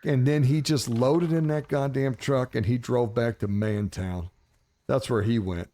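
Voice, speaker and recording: A man telling a wild story in a casual, animated, swearing style, often laughing. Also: mid-range voice, measured pace.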